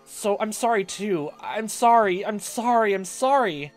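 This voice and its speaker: A guilt-ridden girl spirals into hysterical delusion, pleading shrilly and frantically, as a player reading a visual novel aloud puts her on. Her voice is pushed high above the reader's usual voice and comes out loud and strained, with faint game music underneath. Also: lively intonation, measured pace, natural voice. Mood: frantic pleading.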